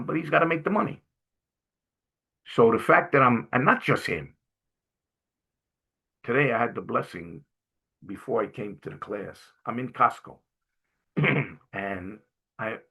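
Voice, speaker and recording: A middle-aged man from Brooklyn, a jovial, animated guest speaker telling stories to a class and often clearing his throat. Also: mid-range voice. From Brooklyn, New York. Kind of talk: storytelling talk to a class.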